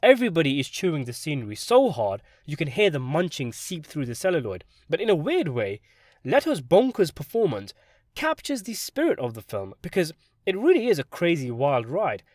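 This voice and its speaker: A man delivering a scripted film review in a sardonic, animated way. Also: fairly high pitch, normal speed, no room sound, clean studio sound. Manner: sardonic, animated delivery with sudden jumps for emphasis. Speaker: film critic.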